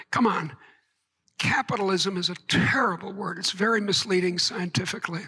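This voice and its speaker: Woman delivering a keynote lecture, unhurried delivery, bright and husky tone, wry digressive asides. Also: medium pitch, rough recording. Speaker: keynote speaker. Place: conference room before a live audience.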